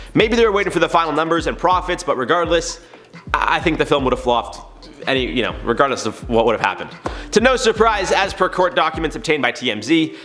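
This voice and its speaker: A man's voice: fairly high pitch, a bit bright. A man hosting a casual online news commentary show, chatty and opinionated as he talks through the story. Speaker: YouTube news commentary host.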